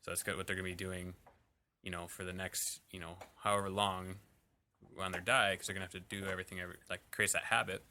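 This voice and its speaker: Low-voiced guy w a really bright edge, coaching talk, rambly and full of fillers. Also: little pitch movement, fast, slight background noise. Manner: rambling, many fillers like "like" and "you know". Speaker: fitness coach on a podcast. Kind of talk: casual chat.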